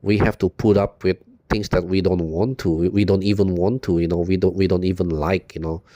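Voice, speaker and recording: A man's voice: deep voice, little pitch movement, fairly quick, mellow, no echo. A man giving an unscripted video monologue, rambling and profane, repeating "you know" constantly in a bitter tone. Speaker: video blogger.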